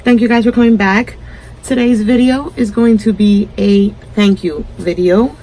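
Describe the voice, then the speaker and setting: A woman's voice: mid-range voice, fairly even intonation, a little slow, dark tone, poor audio. A woman hosting a crafting channel, talking to camera in a heartfelt, emotional way, close to tears. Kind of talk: casual vlog to camera.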